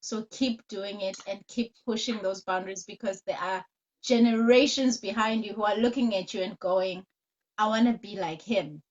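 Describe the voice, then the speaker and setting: A woman hosting an online interview, warmly encouraging her guest over a video call. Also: mid-range voice, steady tone, normal speed. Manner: warm, encouraging praise. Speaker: host. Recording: dull lo-fi call audio.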